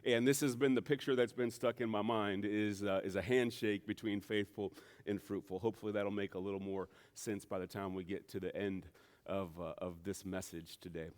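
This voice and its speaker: A man in his forties preaching a casual sermon in a church, telling stories in a relaxed, self-deprecating way with plenty of fillers. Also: on the low side, moderate pace. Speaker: pastor. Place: church sanctuary.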